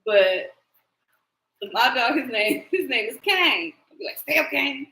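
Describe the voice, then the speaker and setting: A woman hosting a live tarot stream, telling rambling stories in a casual, animated way, laughing often and swearing freely. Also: fairly high pitch, measured pace, echoey room, low-quality recording.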